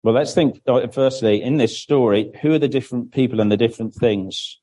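In church, a man gives a children's Bible talk, explaining things simply and asking questions he then answers himself while drawing on a board. His warm, mid-range voice runs a little fast with frequent restarts, captured on a rough recording.

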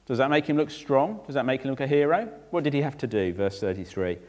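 Male vicar, sermon, rhetorical questions, mid pitch, long reverb. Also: animated, fast talker, hardly any pauses, darkish tone. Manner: preaching with rhetorical questions, addressing children.

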